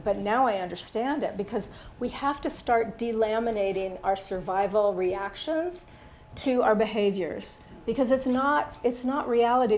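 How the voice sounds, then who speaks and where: A woman's voice: mid-range voice, darkish tone, slight background noise. Candid older woman teaching a workshop. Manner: candid, personal storytelling with fillers. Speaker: workshop instructor. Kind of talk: casual workshop talk.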